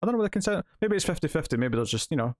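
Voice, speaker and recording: A man's voice: a little high, big pitch swings, very fast, darkish tone, dry recording, studio quality. A man hosting a casual TV news podcast, chatting with lots of fillers and frequent laughter. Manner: laughs often, filler-heavy rambling. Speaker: podcast host. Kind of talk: casual chat.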